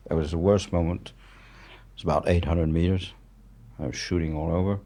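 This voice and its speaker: A man's voice: sits low, fairly even intonation, brisk, warm tone. A man in his seventies from France, speaking English with a French accent as a guest, telling stories bluntly and matter-of-factly. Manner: blunt, matter-of-fact, swears freely. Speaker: guest, war journalist. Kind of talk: candid storytelling in conversation.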